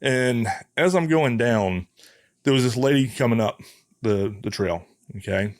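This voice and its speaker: A man hosting a podcast, telling a story in an animated, casual way with frequent restarts. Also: mid-range voice, measured pace, dry recording, clean studio sound. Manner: animated anecdote teller with many restarts. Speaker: podcast host.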